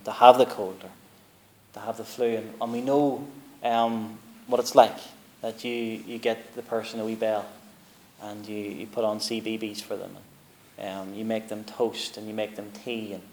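A man preaching a sermon in a church. He talks conversationally, reads King James scripture aloud, and builds up to emphatic, rising declarations. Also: fairly low pitch.

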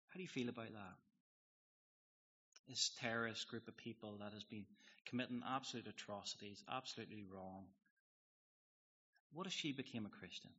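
A man's voice: fairly low pitch, sharp tone, breathy edge, lo-fi sound. A man preaching a sermon as a pastor, earnest and confessional, often putting questions to the congregation.

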